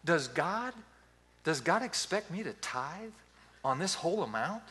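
Flustered young man, as a preacher acts him out, pleading, bright and a little high. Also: lively intonation, unhurried. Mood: worried. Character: young adult son, anxious new earner.

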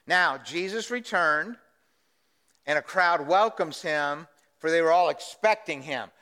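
Man, pastor, sermon, high bright voice, conversational, long hall reverb. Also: animated, a little slow. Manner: conversational, asks the congregation questions.

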